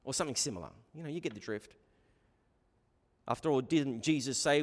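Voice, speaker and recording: A man's voice: on the high side, lively intonation, brisk, big-room sound. A man preaching a sermon as pastor, emphatic and full of rhetorical questions.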